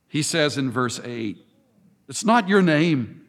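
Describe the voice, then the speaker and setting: Male preacher, higher voice, swooping lively delivery, deliberate pauses; long hall reverb. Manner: emphatic, dramatic pauses and repetition. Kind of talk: sermon.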